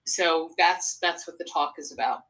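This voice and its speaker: A woman's voice: low voice, normal speed, fairly bright tone, low-quality recording. An older woman, a psychotherapist and speaker, chatting earnestly as an interview guest, telling stories at length. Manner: earnest, rambling storyteller. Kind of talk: casual interview conversation.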